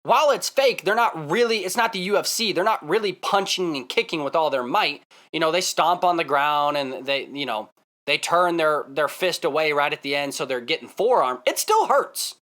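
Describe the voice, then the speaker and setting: A man vlogging casually, telling a story in an excitable, emphatic way and repeating himself for effect. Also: a little high, normal speed.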